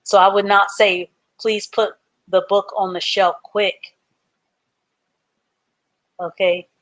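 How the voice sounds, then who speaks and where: A woman teaches adults in a live online reading class, patiently spelling words out letter by letter and offering example sentences. Her mid-range voice is flat and slow.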